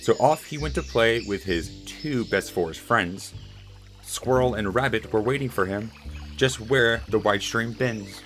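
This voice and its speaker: A man reading a rhyming children's picture book aloud in a gentle way. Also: fairly low pitch, unhurried, over music. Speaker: storyteller.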